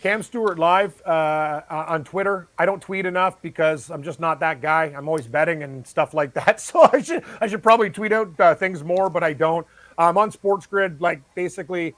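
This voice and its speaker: High, excitable male betting analyst. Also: no room sound. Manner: excitable, fast-rambling, laughs easily. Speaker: sports betting analyst guest. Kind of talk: casual chat.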